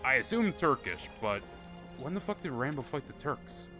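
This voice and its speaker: A man's voice: mid-range voice, big pitch swings, normal speed. A man commentating casually on his own live gameplay stream, rambling and joking with plenty of swearing. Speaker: game streamer. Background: game music and gunfire.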